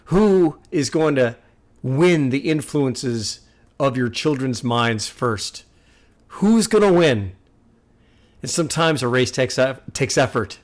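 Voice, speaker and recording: A man's voice: mid-range voice, expressive, takes it slowly. A man hosting a music reaction video, talking earnestly and repeating himself like a sermon. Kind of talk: casual reaction commentary.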